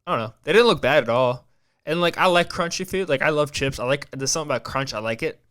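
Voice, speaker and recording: Guy rambling on his podcast, stutters a lot, keeps restarting, smooth clear voice. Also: fairly high pitch, fast talker, fairly bright tone. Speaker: podcast host. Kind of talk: casual rambling monologue.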